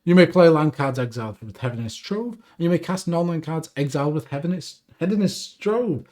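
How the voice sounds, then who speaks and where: A man talks through his favorite cards, reading out their rules and reacting with upbeat asides. His pitch swings widely as he speaks. His tone is casual and chatty, like a regular host of his own show. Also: a little fast. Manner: reads card text aloud, animated, self-deprecating asides. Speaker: deck review host. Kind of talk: casual card game commentary.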